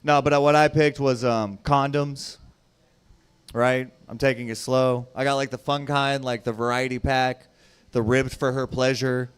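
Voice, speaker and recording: A young adult man doing a profane stand-up comedy set on a club stage, swinging between loud shouting and low mutters. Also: flat delivery, measured pace, smooth.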